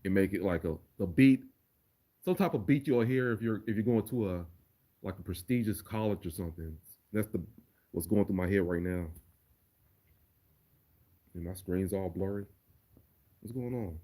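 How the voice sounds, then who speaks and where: Laid-back male streamer, lowish voice, loose and profane, casual Q&A delivery. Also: moderate pace, long pauses, warm tone. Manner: laid-back, profane, repeats words while thinking. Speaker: livestreamer and remix producer. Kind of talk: casual livestream Q&A.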